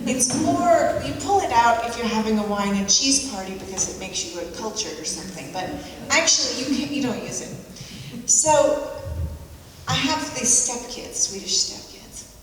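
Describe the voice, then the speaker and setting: Woman telling stories in an echoey hall. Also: fairly high pitch. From United States. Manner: reflective, halting, repeats key phrases. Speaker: speaker at a forum. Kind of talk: storytelling public talk. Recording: echoey hall, mic from far off, background noise.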